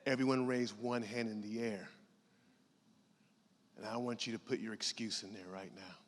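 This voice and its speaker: A man's voice: fairly low pitch, steady tone, moderate pace. A man giving a motivational keynote, rallying the audience and leading them in call-and-response. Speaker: keynote speaker. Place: large conference hall. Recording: hall reverb, audience noise.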